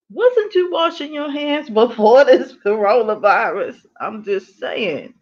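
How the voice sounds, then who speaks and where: A middle-aged woman talks casually to her livestream viewers, unhurried, her voice rising and falling widely. She laughs often and drives her points home by repeating them. The sound is slightly dull and lo-fi. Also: mid-range voice, lively intonation. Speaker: livestream host.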